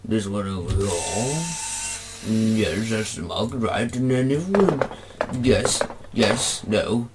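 A man's voice: on the low side, sing-song, takes it slowly, very noisy. Goofy man rambling over a game. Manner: silly, sing-song rambling with mock accents. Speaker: gaming video creator. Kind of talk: goofy gameplay commentary. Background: loud game music.

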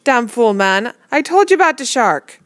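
A woman voicing an old West Indian sailor with a Caribbean accent, speaking in dialect, booming when angry and soft when calm. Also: normal speed, dry recording. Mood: roaring. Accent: put-on Caribbean English.

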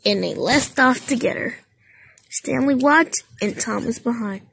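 Woman, amateur storyteller; high, gravelly, slow, stumbling through the script. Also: fairly bright tone, dry recording. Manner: halting, stumbling, with frequent slips and restarts. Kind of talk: amateur narration of a toy-train story.

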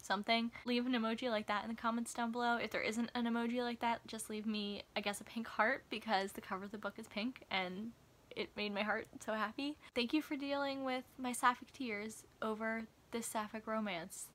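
A woman chatting excitedly as a book reviewer in a casual vlog, gushing over a book she loves. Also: fairly high pitch, brisk.

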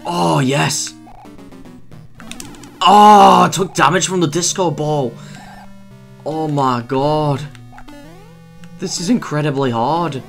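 A man giving excitable let's play commentary, exclaiming and scolding the game as he plays. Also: a little high, gravelly. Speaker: gameplay video host.

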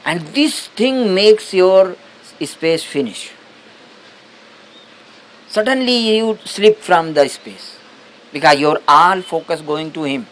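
A man with a somewhat high voice gives a reflective satsang talk. His English is halting and broken, full of restarts, and he takes his time over each thought. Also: expressive, fairly bright tone, poor audio. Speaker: spiritual teacher.

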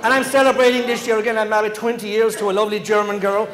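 A man's voice: sits high, fairly even intonation, very fast, background noise. A middle-aged man from Ireland doing a stand-up comedy routine, telling punchy bar jokes and laughing at his own lines.

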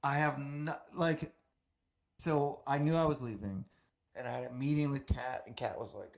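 A man's voice: a little high, lively intonation, moderate pace, pauses often. Profane, rambling man on a stream. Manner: profane, rambling, self-deprecating. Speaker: departing radio show guest. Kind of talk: casual stream chat.

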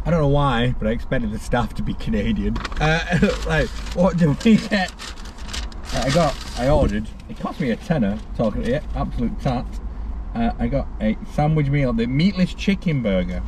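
A man's voice: mid-range voice, expressive, moderate pace, noisy background. A British man casually vlogging his day, chatty and self-mocking, with playful sing-song asides. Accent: British English. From Britain. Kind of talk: casual vlog chat.

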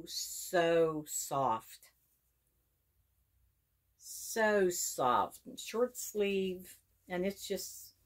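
A woman's voice: fairly low pitch, a bit bright. A middle-aged woman from Pennsylvania reviewing a subscription box in a casual unboxing video, gushing and repeating her words as she reads labels aloud.

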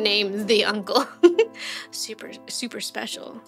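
A woman's voice: on the high side, lively intonation, a little slow, sharp tone, faint music behind. A woman streamer giving casual let's-play commentary, chatty, thinking aloud and quizzing the game characters.

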